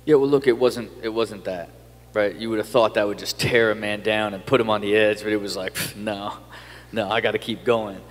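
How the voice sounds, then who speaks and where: A man telling stories in a casual interview, animated and profane, full of fillers and restarts. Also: on the low side, a little fast, long reverb tail. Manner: animated, swears a lot, many fillers and restarts. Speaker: podcast guest.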